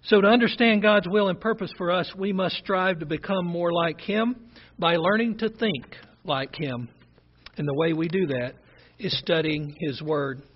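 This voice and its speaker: A man with a rural Southern American accent preaches a sermon in a fairly high, husky voice. He talks earnestly and conversationally and reads scripture aloud. The recording sounds dull and lo-fi. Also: a little slow.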